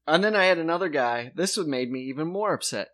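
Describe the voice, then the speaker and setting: A man's voice: on the high side, expressive, fast, a bit bright. A man in casual comedic chat, telling stories and acting out what people said, swearing freely. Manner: storytelling, acts out quotes, swears freely.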